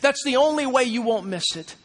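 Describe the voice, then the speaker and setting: A male pastor preaching in a fairly high voice. He drops to a hush, then climbs back to loud, urgent lines. A long hall reverb trails behind his words. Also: lively intonation, a little fast. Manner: preaching with big swings from hushed to loud. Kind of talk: sermon.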